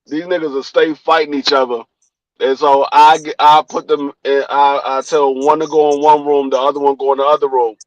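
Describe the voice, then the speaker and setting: A man's voice: on the high side, brisk, no echo, dull audio. An older man hosting a casual podcast chat, telling stories with lots of swearing and acting out the people he quotes. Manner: animated storyteller, acts out quotes, swears freely. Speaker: podcast host.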